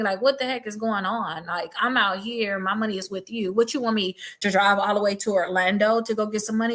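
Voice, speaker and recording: Woman credit advisor, casual direct-to-viewer talk, bright forceful voice, blunt and emphatic. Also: on the high side, normal speed. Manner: blunt, emphatic, addresses the audience as y'all.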